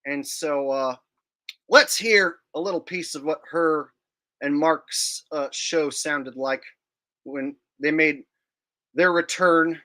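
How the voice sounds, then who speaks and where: A man's voice: on the high side, slow, bright, forceful tone. A man hosting a livestream, rambling and joking in casual, profane commentary. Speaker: streamer host.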